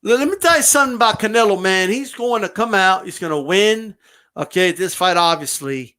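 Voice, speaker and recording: Brash high-voiced man ranting. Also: a little fast, bright, forceful tone. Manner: brash, mocking and profane. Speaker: boxing commentator. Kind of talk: ranting commentary vlog.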